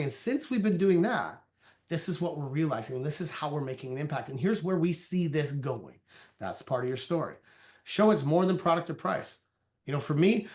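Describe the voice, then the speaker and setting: A man, a sales consultant, giving an energetic training talk, loosely conversational and acting out little dialogues as he goes. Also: a little high. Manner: acts out conversations in quoted voices; loose and conversational, many restarts.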